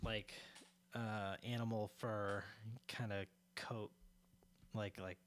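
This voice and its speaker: A man's voice: fairly low pitch, flat delivery, slow, slight background noise. A man chatting casually as a podcast co-host, telling a story in a rambling way with many fillers and restarts, laughing often.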